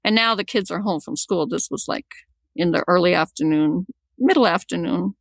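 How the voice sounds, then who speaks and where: A woman guest on a podcast telling a personal story, halting and repeating words as she restarts sentences. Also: fairly low pitch, expressive, gravelly, no echo.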